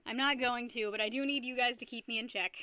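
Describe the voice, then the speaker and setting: A woman's voice: on the high side, steady tone, fast talker, bright, forceful tone. A young woman streamer chatting casually with her viewers, playful and giggly, often laughing at herself. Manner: playful, giggly, self-mocking. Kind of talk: casual live-stream chat.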